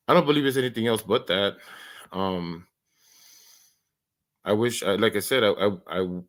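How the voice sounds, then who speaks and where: A man's voice: fairly low pitch, a bit bright. A man hosting an early-morning live stream, chatting casually, rambling and stammering through many restarts and laughing often.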